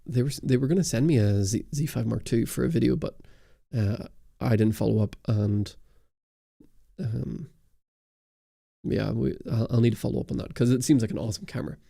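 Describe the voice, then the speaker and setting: A man's voice: medium pitch, fairly quick, vocal fry, mellow, slightly rough, no echo, studio quality. A young man hosting a livestream camera Q&A, chatting casually and rambling with lots of ums and restarts. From Ireland and Britain. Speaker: camera channel host. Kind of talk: livestream Q&A, reading chat. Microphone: studio dynamic mic.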